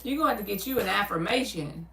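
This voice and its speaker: A woman with a Southern US accent hosts a laid-back livestream, reading viewer comments aloud and answering each one in a chatty, animated way. She laughs easily and her voice sits in the middle of the range. She is set back from the mic, and the room adds a roomy echo. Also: mid-range voice, fast talker, vocal fry, distant mic. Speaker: tarot reader hosting a livestream. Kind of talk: casual livestream chat with viewers. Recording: roomy sound, speaker away from the mic.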